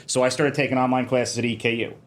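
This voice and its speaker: Fast-talking, animated man telling stories. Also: mid-range voice. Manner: fast, animated storyteller, mocks officials in a sing-song voice. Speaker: podcast guest, fire protection engineer. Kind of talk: casual interview chat.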